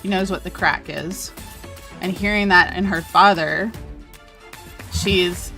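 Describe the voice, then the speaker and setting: A woman player talks through her character's sneaky moves at a tabletop game, pausing to think as she goes. Her voice sits on the lower side for a woman. Soft music hums in the background. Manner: thinking aloud, hesitant.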